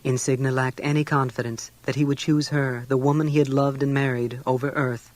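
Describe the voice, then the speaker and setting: A man reading a novel aloud in a steady, measured way. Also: mid-range voice. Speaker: audiobook reader.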